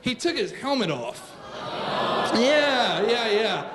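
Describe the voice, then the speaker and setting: A man in his thirties telling a true story on stage, animated, comic and self-mocking. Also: very high voice, takes it slowly, noisy background.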